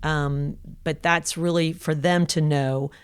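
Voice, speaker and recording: A woman's voice: low-pitched, steady tone, takes it slowly, smooth. A middle-aged woman co-hosting a parenting podcast, explaining things in an encouraging, teaching way with quoted examples. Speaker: podcast co-host. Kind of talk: casual parenting podcast chat.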